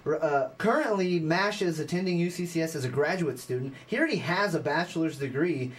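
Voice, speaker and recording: A man's voice: a little high, fairly quick. A young man hosting a college radio sports show, chatting casually and running through game stats with fillers and restarts.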